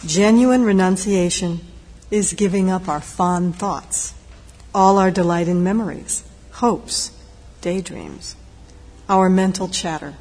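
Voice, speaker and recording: A woman meditation teacher giving a dharma talk in a gentle, reflective, unhurried way, with pauses. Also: fairly low pitch, husky. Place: meditation hall. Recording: long hall reverb, faint noise.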